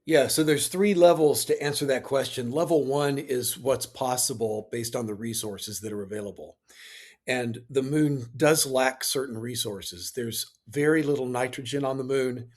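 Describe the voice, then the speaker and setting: A man's voice: mid-range voice, normal speed. A man answering as an interview guest, explaining step by step in a lecturing way with fillers and restarts. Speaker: space industry guest.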